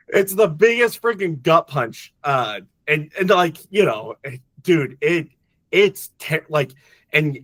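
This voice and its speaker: A man co-hosting a casual movie podcast, talking in halting bursts full of restarts, and openly emotional. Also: fairly high pitch, a bit bright, dry recording. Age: adult father. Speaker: podcast co-host.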